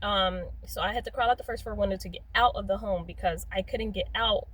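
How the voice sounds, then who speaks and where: A young adult woman telling a personal story in a casual, rambling way, full of "like" and "um", swapping curse words for softer ones. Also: medium pitch, expressive, a little fast, slightly rough, rough recording. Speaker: storyteller vlogger.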